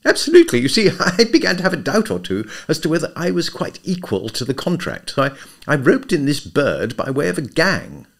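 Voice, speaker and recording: A man voicing a dim, excitable young upper-class English gentleman who sounds plaintive and flustered. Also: fairly high pitch, brisk, gravelly, voice pushed up, exaggerated voice. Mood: rambling.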